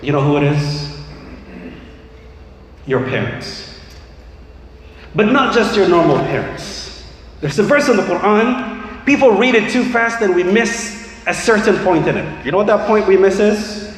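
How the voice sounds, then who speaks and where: A man giving an impassioned sermon as imam, building up to shouts at times. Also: sits high, expressive, measured pace, pauses often, slight background noise. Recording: echoey hall, faint ambience.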